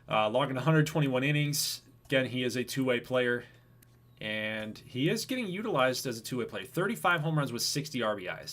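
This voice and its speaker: A man's voice: mid-range voice, a bit bright. A man casually hosting a baseball video game franchise livestream, chatting with viewers by name. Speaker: host of a franchise stream.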